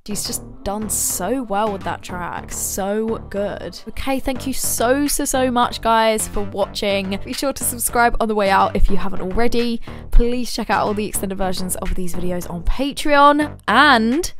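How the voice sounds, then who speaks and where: A woman's voice: medium pitch, a little slow, a bit bright, faint music behind. A young woman vocal coach explaining singing technique in an enthusiastic, gushing way as she reacts to a performance.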